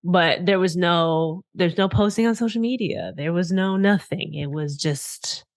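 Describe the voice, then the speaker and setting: A young adult woman co-hosting a podcast tells a story in a casual chat, acting out quotes and swearing freely. Her voice sits on the low side and moves a little slowly.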